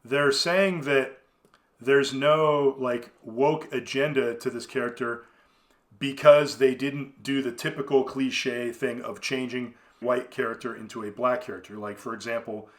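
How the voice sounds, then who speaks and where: A man talks through his own solo commentary podcast at a middling pitch. He rambles conversationally, often stopping to restart his sentences and filling pauses with "uh" and "you know.". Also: steady tone. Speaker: podcast host.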